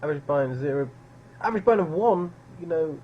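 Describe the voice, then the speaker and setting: A man's voice: on the high side, lively intonation, fast talker, dull audio, slight background noise. A man streaming live poker, musing over players in a dry, sardonic way.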